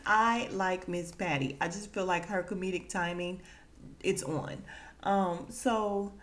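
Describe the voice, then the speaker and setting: Brief: lively female podcast host, slightly low voice, casual chatty recap. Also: takes it slowly. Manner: animated, chatty, laughs often.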